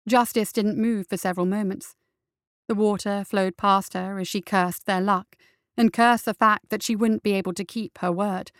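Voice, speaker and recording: A woman narrating a dark fantasy story in a steady, even reading voice. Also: mid-range voice, normal speed, smooth, dry recording, studio quality. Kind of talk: audiobook narration.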